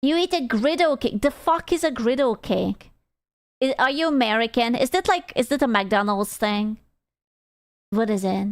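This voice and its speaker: A woman streamer chatting casually and reading comments, swearing freely and reacting with loud laughs and mock outrage. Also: fairly high pitch, moderate pace, dry recording.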